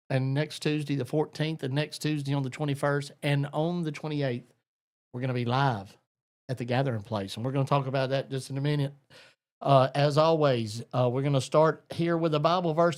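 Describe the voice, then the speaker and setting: A man hosting a live talk show, folksy and rambling as he greets listeners. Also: fairly high pitch. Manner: folksy, rambling, Southern "y'all". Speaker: host.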